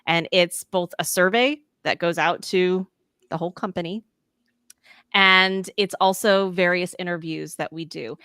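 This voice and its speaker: A woman's voice: on the low side, fairly even intonation, a little slow, bright, forceful tone, clean tone, dry recording, clean studio sound. A woman consultant giving interview answers, articulate and emphatic, laughing now and then. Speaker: guest, change management consultant.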